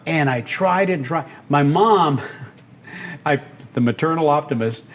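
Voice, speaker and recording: A man in his seventies from Texas, an animated storyteller and voice actor being interviewed on a podcast. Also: a little high, unhurried. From Texas, United States. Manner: animated, breaks into character voices. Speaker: guest, voice actor and radio host.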